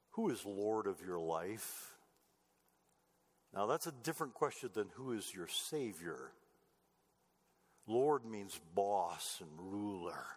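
A man preaching a sermon, building to raised emphasis and then dropping low and quiet. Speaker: pastor.

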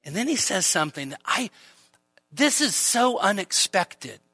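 A man preaching an expository sermon at a midweek church service, lively and conversational, with frequent rhetorical questions. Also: high-pitched, a little slow, breathy edge. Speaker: pastor.

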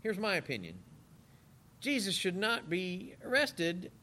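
A man's voice: high-pitched, big pitch swings, unhurried, bright, forceful tone, slight background noise. A man preaching a sermon, reading scripture aloud and acting out the scenes in different voices.

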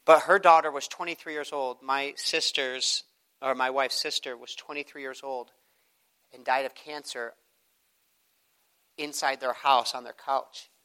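A man, a pastor and father, preaching a sermon and praying, swinging from hushed prayer to loud, high emphasis. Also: steady tone, measured pace, clear, resonant tone, poor audio. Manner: rises to loud, high preaching, then drops to soft prayerful tones.

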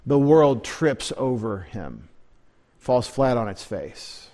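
A man's voice: mid-range voice, big pitch swings, slow, a little mellow. A man pastor giving a midweek Bible teaching sermon, conversational and rambling, with asides and restarts.

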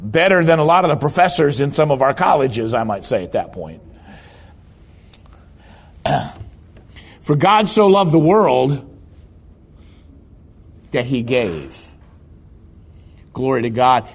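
Preacher guy telling stories from the pulpit, keeps repeating words for punch. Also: medium pitch. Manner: emphatic storytelling preacher, repeats key words for stress. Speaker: pastor. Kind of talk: sermon.

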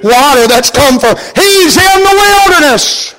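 A man preaching a sermon in a folksy, plain-spoken way, swinging from hushed storytelling to shouted emphasis. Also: very high voice, lively intonation, unhurried.

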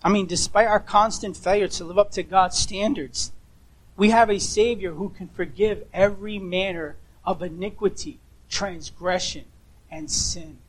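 Man, preacher, high voice, emphatic sermon delivery, rhetorical questions. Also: measured pace, low-quality recording.

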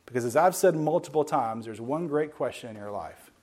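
Speaking with expression in a medium-pitched, slightly mellow voice, a male Bible teacher gives a sermon-like lesson. He talks emphatically, drags out key words for stress, and turns to his audience with conversational asides.

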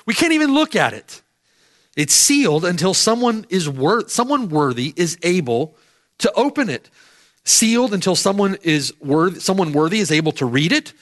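A man's voice: high-pitched, a bit bright. A middle-aged man preaching a sermon emphatically, repeating phrases for weight. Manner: emphatic, repeats phrases, rises and falls sharply.

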